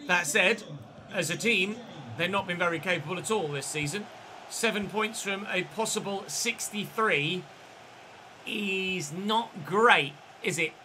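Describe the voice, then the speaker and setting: A young man hosts a football video game series as a gaming channel host, offering chatty let's-play commentary in the style of a match commentator and correcting himself along the way. His high-pitched voice is pushed and bright, a little slow, with slight background noise.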